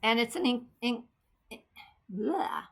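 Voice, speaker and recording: A woman's voice: mid-range voice, a little slow, gravelly, fairly bright tone, breathy edge. A woman vlogger chatting casually about her cross stitch projects, rambling and thinking aloud as she goes. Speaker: craft vlogger. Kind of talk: casual chat.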